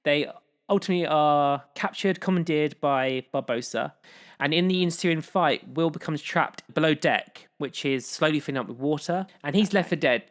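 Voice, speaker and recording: A man's voice: fairly high pitch, normal speed. Chatty man recapping a film. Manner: chatty, retells scenes with frequent laughter. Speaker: podcast co-host. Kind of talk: casual film recap chat.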